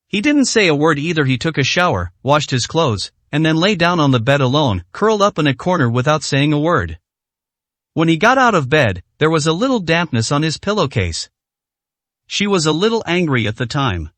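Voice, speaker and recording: A man's voice: fairly high pitch, fairly bright tone, no echo. A man narrating a translated romance story in a scripted storytelling style.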